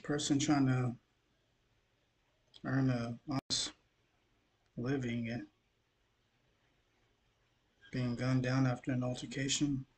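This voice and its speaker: A man's voice: medium pitch, little pitch movement, takes it slowly, pauses often, a little mellow. Tired man rambling on a vlog. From Mississippi, USA. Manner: loose and rambling, stumbling over words. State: tired, dehydrated after the gym. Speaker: news vlogger. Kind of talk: casual commentary vlog.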